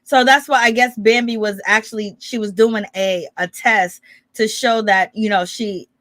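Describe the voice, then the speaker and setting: A woman's voice: medium pitch, steady tone, moderate pace, a bit bright, no echo. A woman hosting a gossip commentary channel, recapping a clip in a rambling, casual way with lots of fillers.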